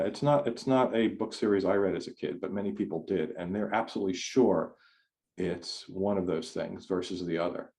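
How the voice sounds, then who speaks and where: A man's voice: fairly low pitch, mellow. A man giving a conversational talk over a video call, rambling and restarting his sentences often. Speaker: speaker. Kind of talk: online forum talk.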